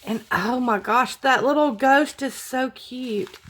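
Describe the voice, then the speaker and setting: A middle-aged woman with a high, slightly bright voice speaks slowly in a casual vlog, opening fan mail as a crafting vlogger. She gushes effusively over it, sighing with emotion as she chats to her viewers. Paper and packaging crinkle in the background.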